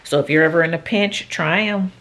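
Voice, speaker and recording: A woman's voice: lowish voice, brisk, fairly bright tone, slight background noise. A woman vlogger chatting casually to her viewers from her home kitchen while she cooks, with homey asides. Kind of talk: casual cooking vlog chat.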